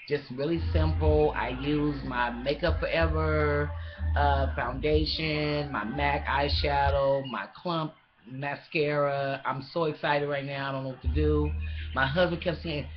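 A woman's voice: low voice, unhurried, dull audio. A woman vlogger in casual chat, emotional and gushing, often stumbling over her words with fillers.

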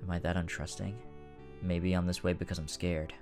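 A man's voice: flat delivery, moderate pace, faint music behind. A man reading as a brooding teenage boy. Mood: gloomy. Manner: low, quiet, gloomy reading.

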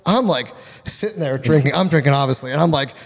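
A man's voice: fairly high pitch, quick pace, gravelly, long reverb tail. A man from Florida, a podcast guest telling a rowdy story with lots of swearing. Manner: profane, animated storytelling. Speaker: podcast guest, car tuner. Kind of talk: casual storytelling.

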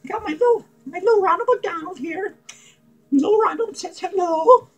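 A man's voice: extremely high pitch, normal speed, highs cut off, faint music behind. A man playing a manic, unhinged male clown who rambles giddily and crudely in a comedic character vlog, cackling and swearing. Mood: giddy. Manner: cackling, profane, giddy rambling.

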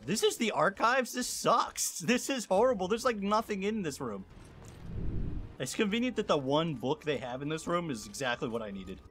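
A man's voice: sits high, big pitch swings, normal speed. A man streaming a game, talking casually with sarcastic remarks, laughter and swearing.

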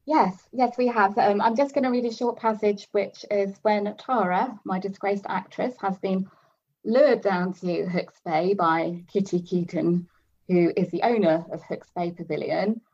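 A woman's voice: medium pitch, unhurried, a little mellow, slightly rough, highs cut off. A woman novelist chatting as a guest, tentative and repeating herself as she thinks aloud. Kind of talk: casual interview chat.

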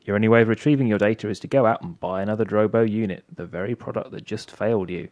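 A man co-hosting a podcast, racing through listener emails with dry, joking asides. His voice is lowish and the sound is dry and close. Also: quick pace, darkish tone, no room sound, dull audio. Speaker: podcast co-host. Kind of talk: casual podcast chat.

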